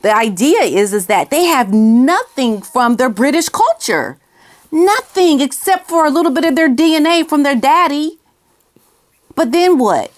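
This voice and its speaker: Woman vlogger, casual commentary, slightly high-pitched, emphatic and repetitive. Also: lively intonation, a little slow. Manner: emphatic, repeats key phrases, talks aside to someone off camera.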